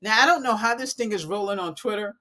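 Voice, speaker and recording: Casual, animated woman, live-streaming on a phone at home. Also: medium pitch, fast. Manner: chatty, animated, addresses viewers as y'all. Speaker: coding academy owner.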